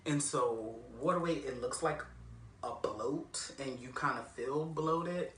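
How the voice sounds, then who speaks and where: A woman's voice: rumbling low, slow, fairly bright tone, slight background noise. A young woman chatting casually in a rambling, self-mocking way in a vlog at home. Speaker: vlogger. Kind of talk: casual mukbang vlog chat. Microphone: camera set up across the room. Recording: roomy echo, distant camera mic.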